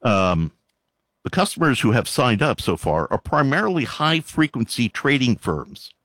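A man's voice: mid-range voice, big pitch swings, normal speed, fairly bright tone, no room sound. A man reading news items aloud and breaking off into sarcastic, exasperated commentary with frequent sighs.

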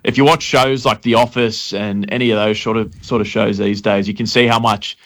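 A man's voice: lowish voice, steady tone, a little fast, fairly bright tone. A man in casual chat, explaining a film at length with small restarts.

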